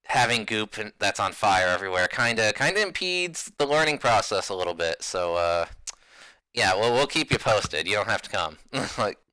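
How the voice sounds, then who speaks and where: A man running a tabletop game, chatty and quick to laugh. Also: lowish voice, dry recording. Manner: laughs often, relaxed and chatty. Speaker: game master.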